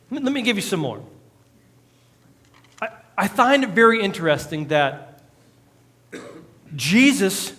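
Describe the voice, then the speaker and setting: A man's voice: sits high, a bit bright. A male pastor, preaching a conversational sermon with jokes and acted-out quotes in a church. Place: church sanctuary.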